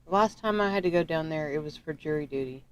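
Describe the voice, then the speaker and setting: A woman co-hosting a casual chat, teasing and quick to laugh. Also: low voice. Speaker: podcast co-host.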